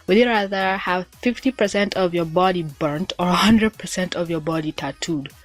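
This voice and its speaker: A woman's voice: lowish voice, normal speed, faint music behind. Chatty young woman vlogger musing aloud. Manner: chatty and musing, thinks out loud with restarts. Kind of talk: casual vlog, reading would-you-rather questions aloud.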